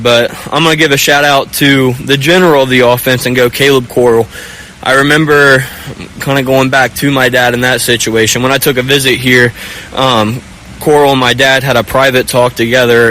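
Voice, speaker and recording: This is a young man in his twenties, a college quarterback giving an interview. He talks earnestly and haltingly, stopping and restarting mid-thought. A faint hum of traffic and outdoor ambience sits behind his mid-pitched voice. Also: bright, forceful tone, poor audio. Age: young adult. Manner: earnest, halting, searching for words. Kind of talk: postgame sideline interview.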